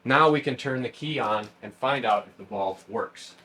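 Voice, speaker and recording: A man hosting a how-to channel gives a casual, step-by-step car repair explanation outdoors near a parked car. His medium-pitched voice sounds pushed and bright at an ordinary speed.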